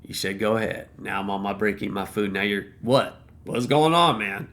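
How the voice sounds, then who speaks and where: A man with a gravelly, creaky edge to his voice tells a story from an old job as a casual rant. He is blunt and swears freely, and he circles back over the same phrases to hammer home his point. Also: on the low side, lively intonation, moderate pace, a bit bright. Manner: blunt, profane, repeats phrases for emphasis. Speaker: vlogger telling a work story.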